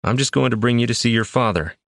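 A man's voice: medium pitch, fast, fairly bright tone, dry recording, clean studio sound, voice pushed up, lightly acted. Man voicing a frantic, guilt-torn adventurer. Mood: weary, firm. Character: desperate male adventurer, grieving a friend.

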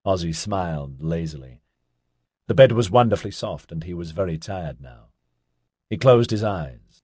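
A man narrating a novel in a steady, wry storytelling manner. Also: low-pitched, normal speed, husky, dry recording, studio quality. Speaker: audiobook narrator. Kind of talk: scripted narration.

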